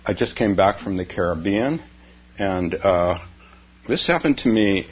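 A man giving an informal dharma talk as a meditation teacher, speaking haltingly, with restarts and chuckles. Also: low-pitched, expressive, husky. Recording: dull lo-fi with faint hum.

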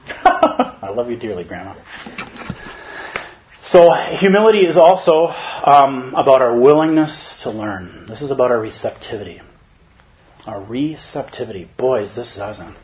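A man giving a Zen dharma talk in an animated, playful way, at times putting on other voices. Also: medium pitch, dull audio. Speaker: Zen teacher.

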